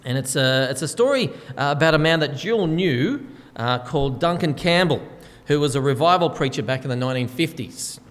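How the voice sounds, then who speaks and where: A man preaches a sermon in a lingering, echoing hall, talking through a story in an easy, conversational way. His voice sits a little high for a man, and he pads his sentences with fillers. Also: lively intonation, fairly quick, fairly bright tone. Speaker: pastor. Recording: long hall reverb.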